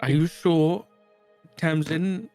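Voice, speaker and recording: A man playing in a tabletop game, teasing and deadpan in character. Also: fairly high pitch, slow pace, faint music behind. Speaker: player.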